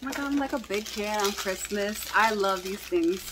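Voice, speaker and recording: A woman vlogger chatting casually as she unboxes fan mail, gushing and excitable, calling everything cute over and over. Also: medium pitch, unhurried, noisy background.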